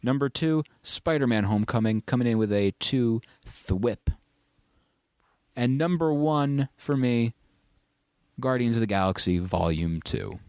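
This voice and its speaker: A man's voice: medium pitch, animated, unhurried, a little mellow, clean tone, no room sound, studio quality. A man hosting a casual podcast, reviewing a film with enthusiastic, rambling, joking talk. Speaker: podcast host. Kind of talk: casual movie review chat.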